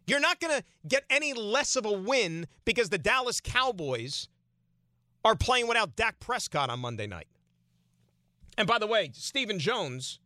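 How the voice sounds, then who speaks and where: A man's voice: on the high side, pushed and bright, no echo, clean studio sound. A man hosting a sports talk radio show, giving an opinionated monologue full of rhetorical questions.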